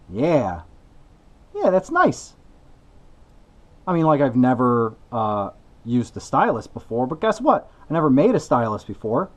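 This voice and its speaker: A young man hosting a casual woodworking vlog, goofy and excitable, breaking into shouted exclamations. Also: mid-range voice. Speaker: woodworking channel host.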